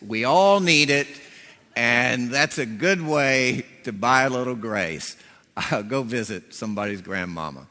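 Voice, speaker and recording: A male pastor preaching a storytelling sermon, his voice bright and forceful, carried with a long reverb through a large hall. He tells the story in a folksy, animated way, acting out the quoted dialogue. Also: medium pitch, unhurried.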